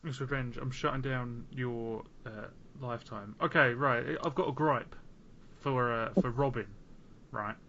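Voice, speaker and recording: A man's voice: mid-range voice, fairly even intonation, measured pace, sharp tone, muffled recording. A young man hosting a podcast, swearing and mocking in crude casual banter. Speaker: podcast host.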